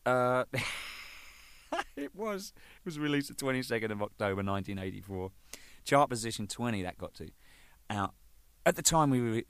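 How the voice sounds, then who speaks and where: An older man, a band's drummer, telling rambling, profane stories, laughing and acting out the shouting in them. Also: on the low side, dry recording. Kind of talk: casual anecdotal storytelling.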